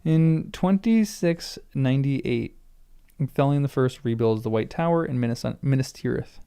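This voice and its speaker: Gravelly-voiced man reading aloud. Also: medium pitch, a little slow, dark tone. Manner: stumbles over names, muses aloud. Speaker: first-time reader.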